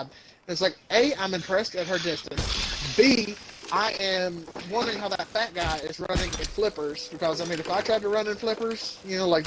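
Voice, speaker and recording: A young man hosting a podcast, rambling through crude stories in casual banter and putting on silly voices as he tells them. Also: sits high. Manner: rambling storyteller, mimics voices, laughs a lot. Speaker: podcast host. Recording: noisy background.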